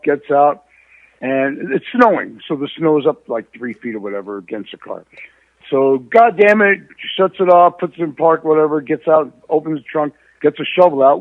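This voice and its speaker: A man's voice: mid-range voice, dry recording. Profane older man on a tinny line. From New York. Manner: profane, animated, shouts exclamations. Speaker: host. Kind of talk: casual storytelling. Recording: tinny phone-line sound.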